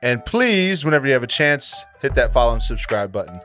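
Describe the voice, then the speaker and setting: A male podcast host with an average pitch who talks loosely and swears a lot. He eggs his co-hosts on with "attaboy" and "baby". Faint music plays behind him. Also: big pitch swings, brisk, a bit bright. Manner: hypes guests, swears freely, calls people baby. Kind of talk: casual chat.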